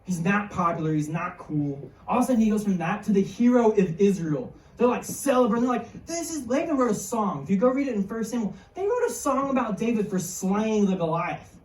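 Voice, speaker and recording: A woman's voice: medium pitch, lively intonation, fairly quick, hardly any pauses, darkish tone. A woman giving a casual, joking sermon to young people in a church hall. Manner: jokey, chatty, slangy. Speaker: youth speaker. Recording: roomy hall, mic far off.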